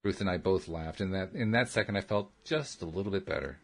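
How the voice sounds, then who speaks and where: A man with a very low, husky voice reads a first-person memoir aloud on a radio show. His delivery is steady and earnest, carrying the story line by line. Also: fast talker, hardly any pauses. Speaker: radio host reading aloud.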